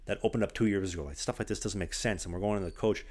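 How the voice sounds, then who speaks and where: A young man hosting a podcast, an animated storyteller who says "like" a lot in casual chat. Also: deep voice, rapid-fire. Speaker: podcast host. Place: small apartment.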